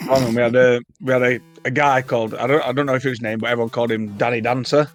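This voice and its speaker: Man co-host, mid-pitched, quick and crude in his podcast storytelling. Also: fairly even intonation. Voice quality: brisk, profane, laughing storyteller. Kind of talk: casual storytelling chat.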